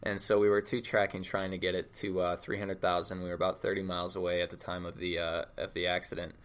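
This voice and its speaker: A man's voice: low voice, level tone, fast talker, fairly bright tone. A young man in casual podcast conversation as a guest, easygoing, often repeating words as he restarts a thought. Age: young adult.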